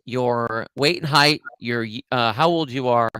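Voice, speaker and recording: A man's voice: mid-range voice, measured pace, sharp tone, smooth, no echo. A middle-aged man co-hosting a podcast, rambling through an old memory in casual chat with frequent restarts. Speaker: podcast co-host.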